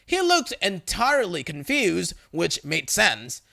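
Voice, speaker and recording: A man narrating a reddit story in a scripted, read-aloud style, with sudden loud jumps on quoted lines. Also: high voice, wildly swooping pitch, slow pace, gravelly.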